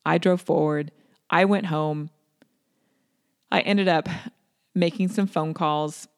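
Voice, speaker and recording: A woman candidly telling a personal story, with restarts and lively acted-out quotes. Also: low-pitched, takes it slowly.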